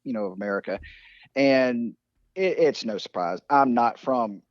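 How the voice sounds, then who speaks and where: A man's voice: medium pitch, moderate pace, no room sound. Louisiana man, folksy guest storyteller, dull dry recording. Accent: Southern US, Louisiana. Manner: folksy storyteller, many "you know" fillers. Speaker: podcast guest. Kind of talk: casual chat.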